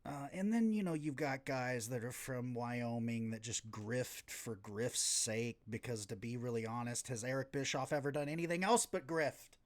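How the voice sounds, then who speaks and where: Male podcast host, sarcastic wrestling recap, swears a lot, rambles, mid-pitched voice. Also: normal speed, few pauses. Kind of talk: casual wrestling recap, profane.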